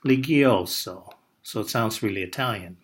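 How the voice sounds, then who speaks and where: Slow, low-voiced older man telling a story. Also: steady tone, a bit bright. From Indonesia. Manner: measured, with frequent "uh" pauses. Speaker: speaker telling a personal story. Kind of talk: personal storytelling talk.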